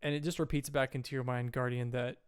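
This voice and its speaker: A man's voice: mid-range voice, little pitch movement, fast, heavy background noise. A man narrating scenes as game master at a tabletop role-playing game.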